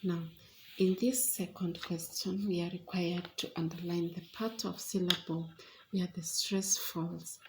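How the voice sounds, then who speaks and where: A woman teaching an English pronunciation lesson, explaining deliberately with frequent pauses and fillers. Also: on the low side, flat delivery, background noise.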